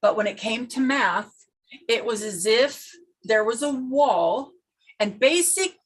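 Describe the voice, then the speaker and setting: A woman's voice: fairly high pitch, animated, slow, breathy edge, poor audio. A woman in casual chat on a video call, telling a personal story earnestly with restarts. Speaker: participant in a craft video call.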